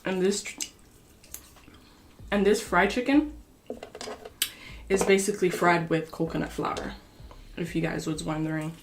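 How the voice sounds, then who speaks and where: A woman hosting an eating show, chatting casually to the camera and pausing to taste and murmur between bites. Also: fairly low pitch, noisy background. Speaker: mukbang host.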